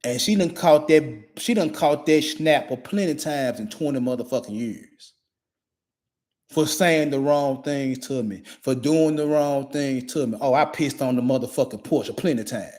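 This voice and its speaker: A man's voice: medium pitch, normal speed, a little mellow. A man in his forties delivering a blunt, profane monologue in a repetitive, emphatic way.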